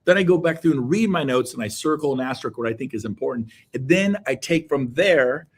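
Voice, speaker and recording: A middle-aged man, a guest on an interview show, giving an energetic, emphatic motivational talk that is full of repeated exhortations. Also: mid-range voice, brisk, slightly rough.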